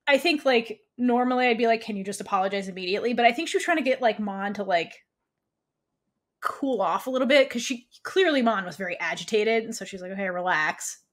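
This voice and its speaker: Recapping a series scene by scene, a woman co-hosting a podcast talks casually, performs the characters' dialogue, and laughs frequently. Her voice is fairly high and slightly bright.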